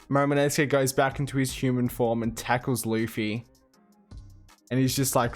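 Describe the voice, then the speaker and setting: A man's voice: mid-range voice, flat delivery, normal speed, faint music behind. A man reviewing a manga chapter in a casual monologue, retelling scenes and quoting characters in passing with loose fillers.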